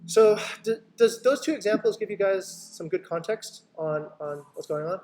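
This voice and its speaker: Man, higher voice, lively coach who acts out client talks and keeps checking in with his team. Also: moderate pace, slight background noise. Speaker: company CEO training his sales team. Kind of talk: sales training in an online video meeting.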